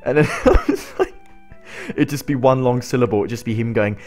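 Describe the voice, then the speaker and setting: Young man, rambling giggly gamer chat, lively intonation. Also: mid-range voice, a little fast, faint music behind. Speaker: gaming livestreamer. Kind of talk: casual chat while playing.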